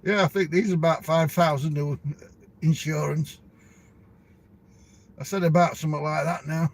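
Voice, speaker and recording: A middle-aged man with a broad Yorkshire accent chats to camera about his work as a truck driver. He rambles from story to story in a relaxed way, and his voice sits fairly high for a man. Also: moderate pace, gravelly. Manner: rambling, chatty, laughs between stories. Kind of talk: casual chat to camera.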